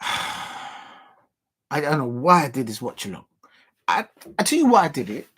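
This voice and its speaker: A young man talks through a football watch-along in a loose, animated way, laughing and circling back to his catchphrases. His voice is husky and sits at an ordinary pitch for a man. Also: moderate pace. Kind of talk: casual livestream chat.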